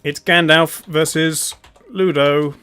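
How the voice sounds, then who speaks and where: A man's voice: fairly high pitch, fairly even intonation, slow, pushed and bright, smooth, faint music behind. A man hosting a live stream in a casual, laid-back way. He chuckles often and hums idly between remarks. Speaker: streamer host.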